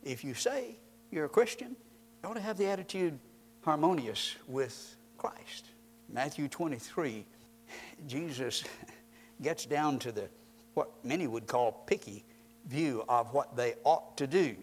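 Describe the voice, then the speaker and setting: A man preaching a sermon, emphatic and rising in force on repeated points, quoting scripture at a slower, measured pace. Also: fairly high pitch, expressive, slight background noise.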